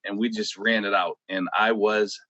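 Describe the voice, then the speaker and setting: A man's voice: lowish voice, little pitch movement, moderate pace, bright, forceful tone, highs cut off. A man with a Boston accent, a podcast guest telling race stories in casual conversation and laughing often.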